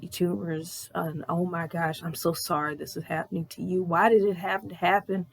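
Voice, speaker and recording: A woman's voice: fairly low pitch, flat delivery, normal speed, vocal fry. A woman quoting a teary, sorry male boss. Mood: tearful sympathy. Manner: tearful, apologetic. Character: teary sympathetic male work manager.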